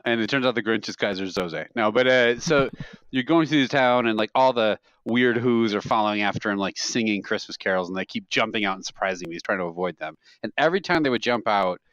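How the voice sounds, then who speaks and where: A man's voice: on the low side, brisk, a bit bright, clean tone, no echo. A man co-hosting a podcast, rambling through casual funny stories and often laughing at them. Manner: rambling storyteller who laughs at his own stories. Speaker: podcast co-host. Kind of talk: casual chat. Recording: dry, slightly dull podcast mic.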